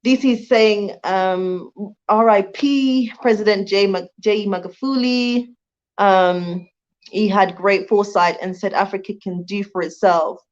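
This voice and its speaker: A woman's voice: medium pitch, fairly even intonation, a little slow. Woman chatting on a lo-fi livestream. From Jamaica. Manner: chatty, laughs often, thanks viewers warmly. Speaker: livestream host. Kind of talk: casual livestream chat reading viewer comments. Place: home in Rwanda.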